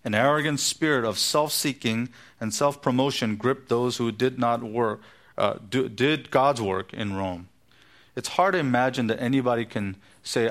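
A male pastor delivers a verse-by-verse sermon in a church. He is emphatic and teacherly, slowing down to stress key words and explain the grammar of the text. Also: mid-range voice, fairly bright tone. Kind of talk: expository sermon.

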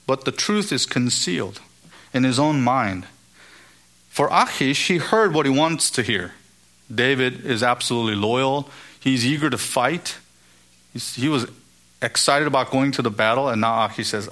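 A man teaches through a Bible passage in a lively, expository way. He keeps asking his listeners rhetorical questions and slips into the voices of the people in the story. His voice sits at an ordinary middle pitch. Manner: animated, asks rhetorical questions, acts out quoted characters.

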